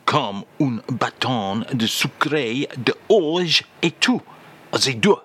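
A man voicing a suave, wistful middle-aged Frenchman with a mock French accent, speaking in a slow, dreamy, low croon for a comedy radio sketch. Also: expressive, a bit bright, breathy edge, exaggerated voice.

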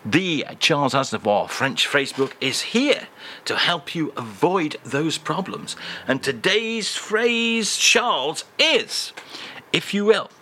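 Comic radio host, male, mock-grand and rambling, bright tone. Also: a little high, measured pace. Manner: mock-pompous, rambling, deadpan.

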